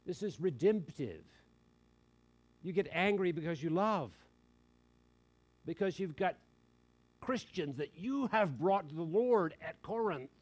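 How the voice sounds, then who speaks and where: A male preacher with a voice pitched a little above the usual range. He preaches with animated emphasis and tosses in quick, wry asides along the way. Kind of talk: sermon.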